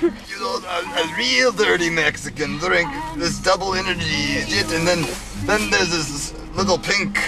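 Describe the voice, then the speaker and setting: A man's voice: high-pitched, normal speed, low-quality recording. A young man rambling and laughing through goofy stories in a casual vlog, his voice wearing out. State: losing his voice. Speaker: vlogger. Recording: music playing clearly behind.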